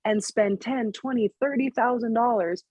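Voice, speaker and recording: A woman's voice: on the high side, darkish tone, husky, no echo, dull audio. A woman in her thirties, a fitness coach and business owner, talking casually as a podcast guest and filling her speech with "like" and "you know". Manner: chatty, lots of "like" and "you know", quick laughs.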